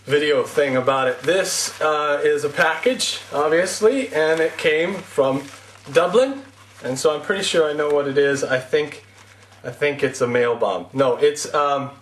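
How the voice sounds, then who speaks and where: A man vlogs to camera in a loose, rambling style, mocking himself as he goes. His voice sits a little high. The room around him is echoey. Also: a little slow, fairly bright tone, slight background noise. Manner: rambling, self-mocking, with laughs. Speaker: vlogger. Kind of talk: casual comic monologue.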